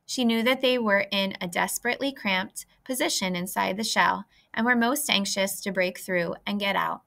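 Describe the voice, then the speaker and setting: A woman reading a children's book aloud in a clear, lively way. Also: mid-range voice, moderate pace. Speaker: reader. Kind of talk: storybook read-aloud.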